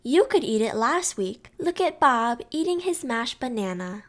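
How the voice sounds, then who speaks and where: A woman voicing a patient young mother in a storybook, speaking in a calm, gently scolding way. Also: a little high, measured pace. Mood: chiding.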